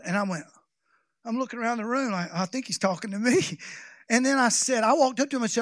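High-voiced preacher, folksy and rambling. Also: male voice, fast, dry recording, clean studio sound. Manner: folksy, rambling with restarts, building to shouted exhortation. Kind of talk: sermon.

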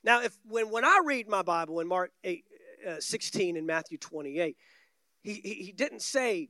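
A man's voice: high-pitched, lively intonation, moderate pace, bright, forceful tone, no echo. A man preaching a sermon from a church stage, emphatic and repeating key words for stress. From United States.

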